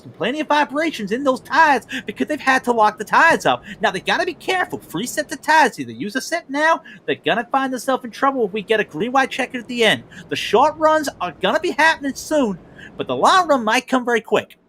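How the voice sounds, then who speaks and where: A man's voice: very high-pitched, pushed and bright, voice pushed up, exaggerated voice. A man putting on a folksy pit-wall reporter. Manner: hammy put-on accent.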